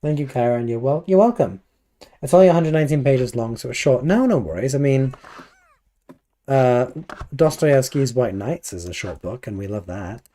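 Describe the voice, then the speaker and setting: Mellow, slightly hoarse British man streaming. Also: medium pitch, expressive, moderate pace. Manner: rambling, playful, chatty asides. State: a little hoarse. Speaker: livestreamer. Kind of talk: casual chat while gaming, answering live chat.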